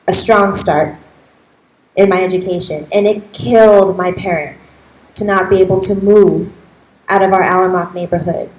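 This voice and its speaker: A woman's voice: medium pitch, a little mellow. A young woman from East San Jose, a county school board trustee, giving an emotional, impassioned speech at a public meeting. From East San Jose, California. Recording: echoey hall with faint noise.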